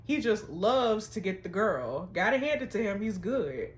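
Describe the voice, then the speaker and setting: A woman's voice: mid-range voice, sing-song, unhurried, voice pushed down. A woman reading as a smug, dismissive young man. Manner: dismissive, mocking. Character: young man, smug jealous best friend.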